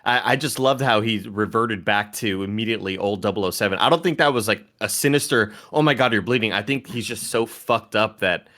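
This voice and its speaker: A man's voice: fairly low pitch, brisk, hardly any pauses, bright, forceful tone. A man co-hosting a podcast, chatting casually about a film with gushing enthusiasm. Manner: enthusiastic, gushing, many "like" fillers. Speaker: podcast co-host.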